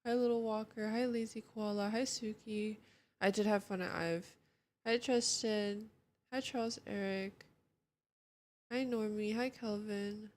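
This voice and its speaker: A woman's voice: medium pitch, fairly even intonation, unhurried. A young woman streaming from home, chatting casually with her viewers in a sleepy morning voice and greeting them one by one. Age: young adult. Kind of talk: casual chat.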